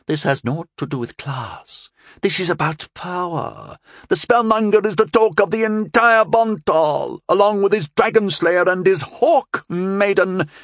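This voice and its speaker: A man's voice: high-pitched, measured pace, fairly bright tone, no room sound, clean studio sound, pitched above the performer's own voice. A man voicing a shrieking, furious noblewoman. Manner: shrieking, scolding. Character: furious scheming middle-aged noblewoman. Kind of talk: audiobook character voice.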